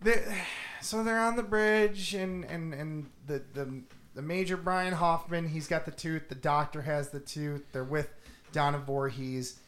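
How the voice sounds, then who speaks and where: A podcast host with a slightly high voice and a bit slow casually recaps a movie plot. He's animated, swears a lot and laughs as he retells it.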